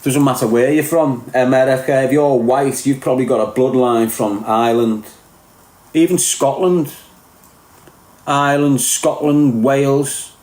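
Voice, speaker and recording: A man's voice: mid-range voice, fairly even intonation, a little slow, darkish tone. Sweary Scouse man in an echoey room. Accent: Liverpool (Scouse). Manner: blunt, sweary, emphatic. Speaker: podcast guest. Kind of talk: casual podcast chat.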